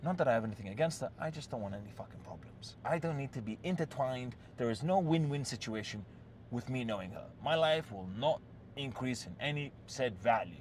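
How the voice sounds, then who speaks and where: A man's voice: mid-range voice, lively intonation, fairly quick, slight background noise. A man hosting a relationship-advice talk, telling a story in a blunt, profane, casual way and often checking in with "yes?" and "right?".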